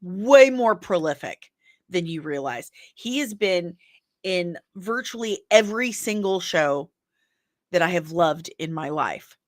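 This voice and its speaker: A woman's voice: on the low side, animated, measured pace, no echo, studio quality. A woman hosting a casual entertainment news show, chatty and rambling with jokey asides. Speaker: host.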